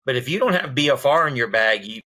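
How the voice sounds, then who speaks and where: A man, a doctor guest on a podcast, talking casually and telling animated stories that act out the dialogue. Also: mid-range voice, fast talker, low-quality recording. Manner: animated storyteller acting out dialogue.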